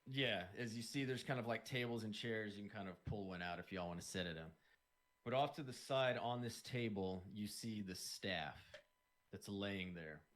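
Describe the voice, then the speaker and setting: A man's voice: on the low side, moderate pace, fairly bright tone. A man narrating as game master in a tabletop game, describing scenes loosely with lots of "kind of" hedges.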